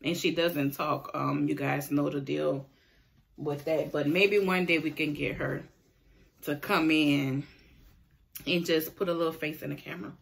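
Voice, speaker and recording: A woman's voice: sits low, fairly even intonation, a little slow, creaky. A woman hosting a casual home vlog, chatting with viewers and coaxing her son as she shows off gifts. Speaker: vlog host and mother. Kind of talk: casual unboxing chat with viewers.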